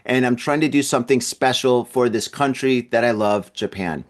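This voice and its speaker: A man's voice: mid-range voice, normal speed. Rambling, chuckling male podcast host. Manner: rambling, repeats words, chuckles often. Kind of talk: casual solo podcast monologue. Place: at home in an apartment building.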